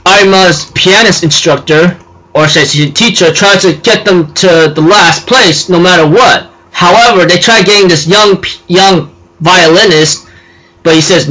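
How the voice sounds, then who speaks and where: A man recaps an anime episode in a loose, rambling way, stopping to correct himself. His voice is high and bright, with lots of ums and likes. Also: unhurried, low-quality recording. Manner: rambling, filler-heavy, self-correcting. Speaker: anime reviewer.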